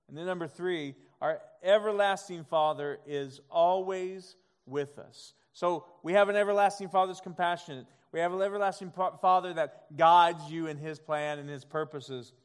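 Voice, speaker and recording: A male pastor preaching a sermon, swinging from soft, quiet passages to loud, emphatic ones and acting out God's voice in quoted asides. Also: on the high side. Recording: long hall reverb.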